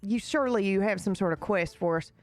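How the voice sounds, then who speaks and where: A woman's voice: mid-range voice, brisk, darkish tone. A woman playing in a tabletop role-playing game, giggly and blunt, swearing casually.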